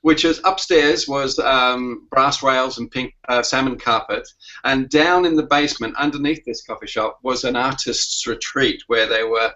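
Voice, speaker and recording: An Australian man telling a long story on a video call, halting often with uh and um. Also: mid-range voice, sharp tone, highs cut off. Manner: halting, full of "uh" and "um". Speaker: commedia performer.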